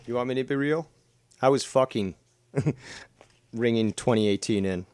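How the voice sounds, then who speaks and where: A man's voice: medium pitch, moderate pace, darkish tone, clear, resonant tone. A man hosting a drama commentary show, talking over clips in a mocking, profane, combative way.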